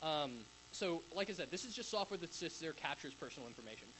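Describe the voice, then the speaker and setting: A man's voice: on the high side, animated, fast, background noise. A young man giving a casual, rambling talk at a tech conference in front of a live audience, with many fillers and restarts. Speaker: conference speaker.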